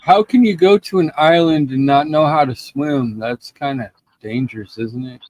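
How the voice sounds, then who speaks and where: Man telling an animated story. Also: a little high, normal speed, dry recording. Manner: animated storyteller, acts out quotes. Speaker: host. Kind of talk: casual livestream storytelling.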